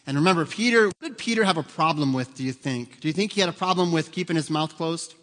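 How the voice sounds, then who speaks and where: A man's voice: a little high, lively intonation, fast talker, fairly bright tone. A man preaching a sermon as pastor, talking conversationally and putting questions to the congregation. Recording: long hall reverb.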